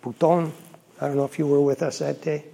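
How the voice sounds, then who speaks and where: A Catholic priest, a middle-aged man, telling a personal story in a homily in an earnest, reflective way with quiet asides. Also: on the high side, flat delivery, fairly quick, vocal fry.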